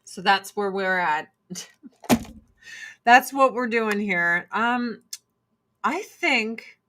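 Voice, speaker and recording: A woman's voice: mid-range voice, lively intonation, very slow, long pauses, a bit bright, slight background noise. A woman vlogger ranting to camera in a blunt, profane, exasperated way while doing her makeup. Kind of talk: casual ranting chat to camera.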